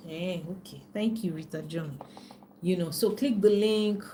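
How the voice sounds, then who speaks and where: A middle-aged Nigerian woman coaching in a chatty, animated live stream, reading out viewer comments. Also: on the low side, measured pace, slight background noise. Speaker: life and business coach. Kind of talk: casual live-stream talk.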